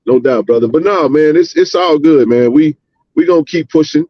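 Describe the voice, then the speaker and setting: A man hosting a live sports chat stream, talking casually and repeating points slowly so the audience catches them. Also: a little high, muffled recording.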